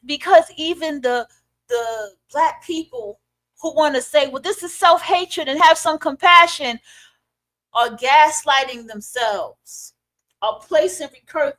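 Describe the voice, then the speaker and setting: Profane, preachy woman podcast host. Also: high-pitched. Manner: blunt, profane, preachy, with rhetorical questions. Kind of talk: ranting commentary monologue.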